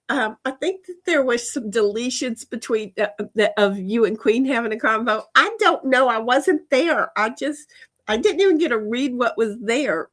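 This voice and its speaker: A woman chatting on a live stream from her backyard, reading out her chat and rambling with lots of restarts and casual swearing. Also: on the high side. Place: backyard outdoors.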